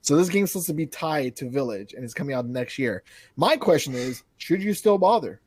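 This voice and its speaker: A man co-hosting a casual podcast who rambles from one thought to the next, swearing freely and laughing at his own asides. His voice sits a little high and swings widely in pitch. The sound is dry and close to the mic. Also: lively intonation, brisk, a little mellow, husky, no room sound. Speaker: podcast co-host. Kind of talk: casual chat.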